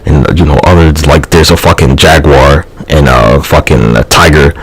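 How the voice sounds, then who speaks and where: A man's voice: rumbling low, steady tone, normal speed, a little hiss or hum, rough recording. A man streaming live, talking in a loose, rambling and profane monologue.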